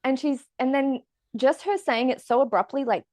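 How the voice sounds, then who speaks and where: A woman guest on a podcast, telling stories in a fast, animated and emotive way with quick restarts. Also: high voice, no echo, studio quality. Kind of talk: casual conversational interview.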